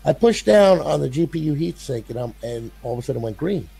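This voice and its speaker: A man's voice: fairly high pitch, lively intonation, fast, gravelly, warm tone, husky, faint music behind. An older man, a console modder, telling a long story in a casual, rambling way, often repeating his words and swearing.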